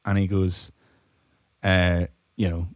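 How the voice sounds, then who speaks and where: A man's voice: sits low, flat delivery, takes it slowly, no room sound, clean studio sound. A hungover man casually telling a long joke with lots of swearing, laughing at his own punchlines. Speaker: podcast co-host.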